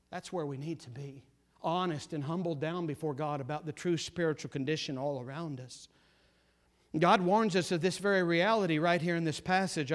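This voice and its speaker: A man preaching a sermon with fervent emphasis, repeating phrases and swinging between urgent force and hushed gravity. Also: fairly high pitch.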